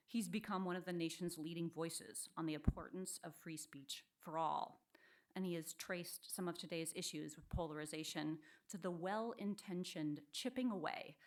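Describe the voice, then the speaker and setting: A woman reading a prepared introduction of a guest speaker before an audience, measured and formal. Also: on the low side. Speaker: event introducer. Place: lecture hall before a live audience.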